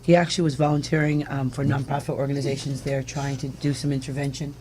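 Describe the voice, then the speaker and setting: A woman hosting a casual talk show, enthusiastic and quick to laugh with her guests. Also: rumbling low, level tone, crowd noise. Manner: warm, enthusiastic, laughs often. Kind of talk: casual chat.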